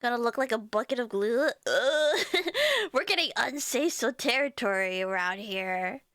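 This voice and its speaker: Young woman, streamer, bubbly and giggly, high voice, very lively pitch, dry close sound. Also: unhurried, no room sound. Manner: bubbly, giggly, reading chat aloud. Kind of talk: casual live-stream chat.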